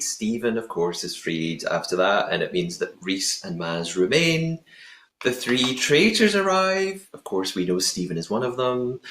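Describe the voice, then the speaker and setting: A man's voice: medium pitch, a bit bright. A man hosting a podcast, recapping an episode in a playful, chatty way with lots of puns. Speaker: podcast host. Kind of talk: casual podcast recap chat. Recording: roomy echoing room sound.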